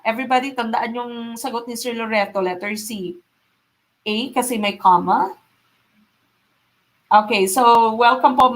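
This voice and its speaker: A woman with a Filipino accent teaching an exam review on a live stream, explaining step by step and switching between Tagalog and English. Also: a little high. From Philippines. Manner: explains slowly, mixing Tagalog and English, repeats key points.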